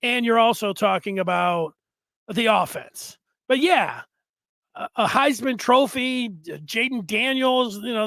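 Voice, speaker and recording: A man's voice: very high-pitched, bright, forceful tone, no room sound. A man hosting a casual sports talk show, reading viewer comments aloud and rambling with frequent restarts.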